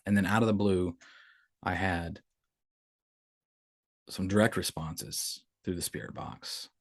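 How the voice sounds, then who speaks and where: A man's voice: sits low, steady tone, slow, dry recording, clean studio sound. A middle-aged man and father, casually telling his own haunted-house experiences in a rambling, conversational way and acting out what people said. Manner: conversational, rambling with restarts and acted-out quotes. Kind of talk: casual storytelling.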